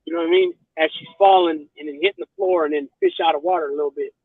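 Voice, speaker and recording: A man's voice: a little high, sing-song, rapid-fire, gravelly, breathy edge, no room sound. A man in casual chat, rambling and swearing, often asking whether you follow him. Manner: profane, rambling, keeps asking "you know what I mean". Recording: tinny phone line, dry.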